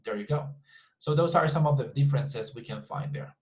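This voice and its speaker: A man runs an online English class at a brisk pace, his medium-pitched voice darkish and the recording low in quality. Chatty and repetitive, he checks in with students by asking frequent questions.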